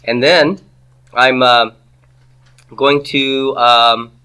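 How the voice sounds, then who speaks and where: A man's voice: mid-range voice, fairly even intonation, extremely slow, pushed and bright, smooth. A man giving a classroom grammar lecture, patient, asking the class questions and repeating their answers. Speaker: Hebrew grammar teacher.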